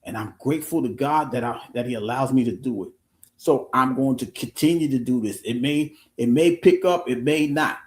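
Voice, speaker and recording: A man's voice: mid-range voice, echoey room. A man talking earnestly on his own livestream, restarting his sentences often and swearing casually. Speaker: live streamer. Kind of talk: casual motivational livestream talk.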